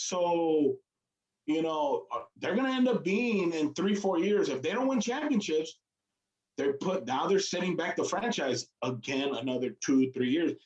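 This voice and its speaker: A man's voice: a little high, darkish tone, dull audio. Rambling man on a sports show. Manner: rambling, hesitant, fumbles for names. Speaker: co-host. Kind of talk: casual sports chat. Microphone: streamed call mic.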